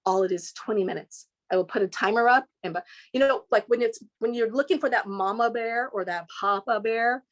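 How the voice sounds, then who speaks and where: As an interview guest, this Californian woman from Inglewood recounts stories with great animation. She slips into lively voice impressions, and her pitch jumps quickly.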